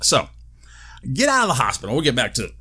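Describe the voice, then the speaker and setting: A man's voice: mid-range voice, fast, breathy edge. A man hosting his own show, giving a casual spoken update and telling a story with lots of swearing and laughter. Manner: animated storytelling, swears freely, laughs often. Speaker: show host. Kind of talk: casual video update monologue.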